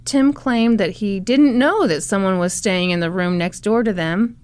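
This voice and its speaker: A woman's voice: medium pitch, moderate pace, a little mellow, clean tone, no echo. A woman co-hosting a podcast, telling a true-crime story casually with sarcastic, laughing asides and swearing.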